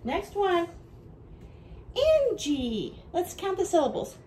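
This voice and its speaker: A woman teaching a home video lesson for young children, with a bright sing-song teacher voice that goes slow and clear for the kids. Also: very high-pitched, animated, slight background noise, poor audio.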